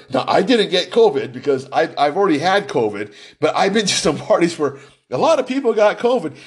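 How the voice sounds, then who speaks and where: A man hosting a podcast, talking in an animated, emphatic way with lots of restarts and "right?" tags. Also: sits high. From United States. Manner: deliberately animated and emphatic, pushing his voice up for effect. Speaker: podcast host. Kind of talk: animated solo podcast monologue.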